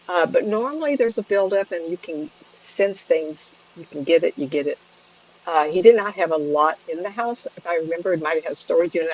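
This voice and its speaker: Husky-voiced chatty woman medium. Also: mid-range voice, muffled recording. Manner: chatty, laughs often, lively asides. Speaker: psychic medium. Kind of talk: storytelling to a camera.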